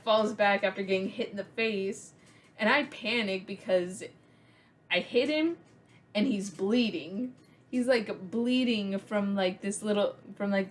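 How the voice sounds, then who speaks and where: A young woman vlogger telling a casual story, rambling with many "like" fillers. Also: medium pitch.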